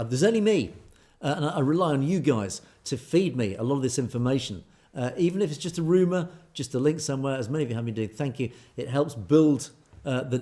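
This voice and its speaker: A man hosting a commentary show, talking casually to his viewers with many fillers and restarts. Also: mid-range voice. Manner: chatty, many fillers and restarts, lively emphasis.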